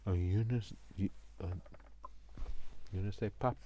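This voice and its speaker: A man's voice: fairly low pitch, unhurried, muffled recording. A British man chatting casually to himself as he makes a craft project, joking at his own expense. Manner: chatty, self-mocking, talks to himself while working. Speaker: crafting vlogger.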